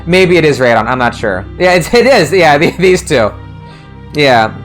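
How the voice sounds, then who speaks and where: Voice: mid-range voice, expressive, normal speed, soft background music. A streamer casually chatting about a game's translation, rambling with lots of restarts and laughter. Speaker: streamer, translation discussion host.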